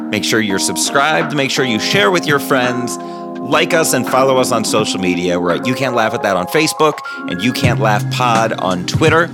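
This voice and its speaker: A man reading the podcast's closing promo in a quick, promotional style. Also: on the low side. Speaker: podcast host. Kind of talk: podcast outro read.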